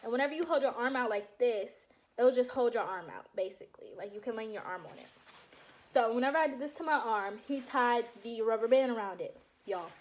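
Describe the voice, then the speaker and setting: A young woman vlogging to her viewers in a casual, animated storytelling way, laughing often and calling them y'all. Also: fairly high pitch, a little fast. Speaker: vlogger recounting her enlistment processing.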